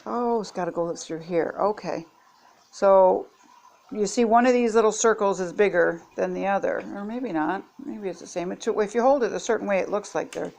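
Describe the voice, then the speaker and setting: An older woman with a mid-range, slightly mellow voice and some vocal fry tests kitchen gadgets at home for her vlog. She chats homily with viewers while demonstrating, in a casual, homey product demo.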